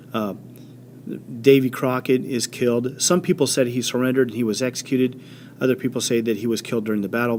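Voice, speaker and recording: Man lecturing on history, animated storyteller, mid-pitched voice, faint background hum. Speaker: history teacher.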